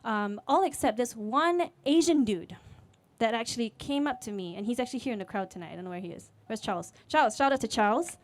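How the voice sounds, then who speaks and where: This music teacher from Singapore, in her late 20s, is animated and quick-paced, her voice a little high. She tells a personal story on stage to a live audience, chatty and candid, leaning on fillers and voicing what people said.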